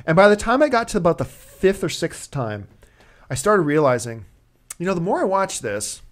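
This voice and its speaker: A young adult man hosting a movie talk show in casual chat, telling stories in an excitable, animated way. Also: high-pitched, moderate pace.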